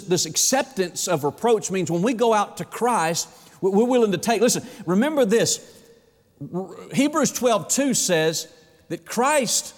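A male pastor preaching a sermon with fervor, swinging between urgent bursts and slow, hushed emphasis. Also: high voice, in a large hall.

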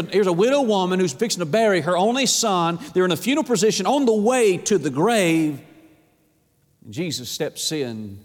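A man preaching a sermon, impassioned, often repeating words and swinging between hushed and rising delivery. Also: high-pitched, in a large hall.

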